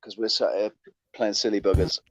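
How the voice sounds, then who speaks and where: A man's voice: lowish voice, steady tone, brisk, a little hiss or hum. A man co-hosting a casual livestream chat in a joking, easygoing way. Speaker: co-host.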